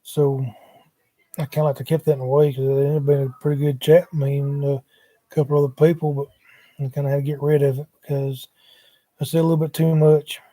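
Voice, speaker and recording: A man's voice: a little high, flat delivery, brisk, dark tone, no echo. A man, rambling casually on a livestream from his couch at home, talking into a laptop microphone in a drawling, wandering way with muttered asides.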